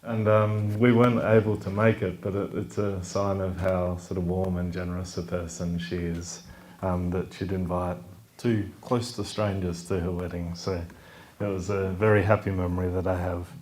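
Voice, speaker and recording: A man giving a relaxed, halting introduction at a talk, with lots of fillers. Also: low-pitched. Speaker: event host. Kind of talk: casual spoken introduction.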